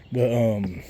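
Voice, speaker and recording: A man's voice: medium pitch, a little hiss or hum. A man vlogging while he walks outdoors, rambling and swearing a lot, losing his train of thought and a little out of breath. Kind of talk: rambling casual vlog while walking outdoors. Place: outdoors on a walk, birds around.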